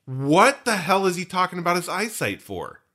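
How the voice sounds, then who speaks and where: A man co-hosts a casual podcast and recaps a film scene by scene, full of jokes and rambling asides. His voice sits a little high and swings widely in pitch. The tone is bright and forward. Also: normal speed. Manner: animated, joking, rambling asides. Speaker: podcast co-host.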